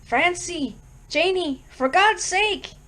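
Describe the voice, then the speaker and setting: A woman voicing a frantic young city man, yelling hysterically as he searches for his family in a snowstorm. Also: very high-pitched, animated, takes it slowly, voice pushed up, heavily acted.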